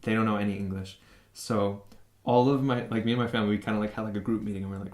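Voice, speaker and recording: Halting young man in an echoey room. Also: fairly low pitch, steady tone, a little mellow. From San Francisco, USA. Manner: halting, many fillers and restarts. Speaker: interview guest. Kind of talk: casual interview.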